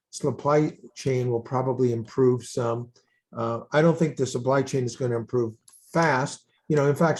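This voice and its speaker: An older man speaks in a dark, mellow voice, steady and measured. He warns listeners to be careful with their money in the manner of a seasoned co-host. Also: medium pitch. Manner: measured, cautionary. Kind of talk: casual market chat.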